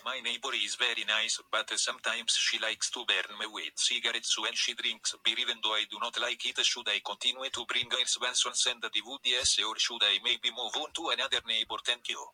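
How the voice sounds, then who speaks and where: A man reading a listener's question aloud in a put-on mock Italian accent, halting and deliberate. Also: medium pitch, level tone, sharp tone, no echo, rough recording. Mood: mock-earnest.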